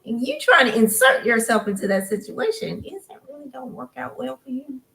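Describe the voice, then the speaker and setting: A woman co-hosting a spoiler review of a TV show, making calm, matter-of-fact remarks. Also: high-pitched, fairly quick, vocal fry, rough recording. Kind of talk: casual spoiler review chat.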